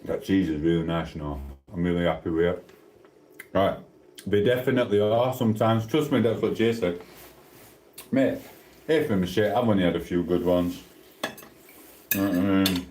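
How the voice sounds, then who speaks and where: A man's voice: deep voice, normal speed, long pauses, a little mellow, a little hiss or hum. Chatty man, echoey room. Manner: chatty, reads out viewer comments while eating. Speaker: livestreamer. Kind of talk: casual live-stream chat.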